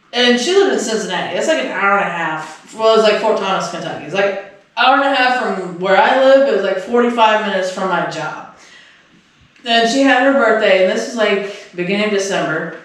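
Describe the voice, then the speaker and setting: A man's voice: high-pitched, expressive, normal speed, fairly bright tone. A man co-hosting a podcast, telling a story casually, rambling and swearing with lots of fillers. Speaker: podcast co-host. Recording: echoey room, distant mic.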